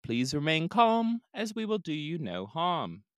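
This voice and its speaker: Dude doing a polite british-sounding stranger, higher than his usual voice, kinda loud. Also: huge pitch swings, unhurried, no room sound. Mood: formal. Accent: slight British. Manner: courteous, formal.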